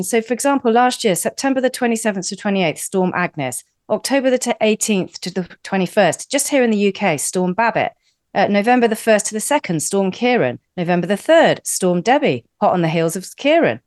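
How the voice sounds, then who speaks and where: A woman from the UK co-hosting a talk radio show, talking in a chatty, animated way. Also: medium pitch, a little fast, no room sound, clean studio sound. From United Kingdom. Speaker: radio co-host.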